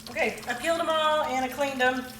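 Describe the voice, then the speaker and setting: A woman with a high, steady voice speaks fairly quickly, a slight hiss or hum in the background. Chatting casually and folksily for her cooking video, the home cook laughs easily while frying on the stove, with loud sizzle and stirring echoing through the kitchen.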